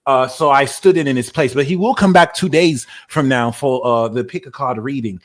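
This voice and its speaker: A man's voice: mid-range voice, moderate pace, pitched below the performer's own voice, lightly acted. A man voicing a cheeky, vain British tarot reader with a put-on British accent, playful and teasing during a live tarot reading. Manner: playful, teasing, mock-indignant.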